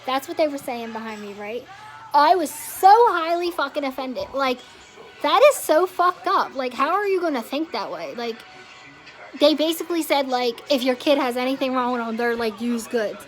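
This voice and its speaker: A woman's voice: high voice, lively intonation, normal speed, soft background music, low-quality recording. A woman in her twenties telling a story in a casual vlog rant, rambling and swearing freely, with her small children around her at home. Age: 20s. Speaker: vlogger.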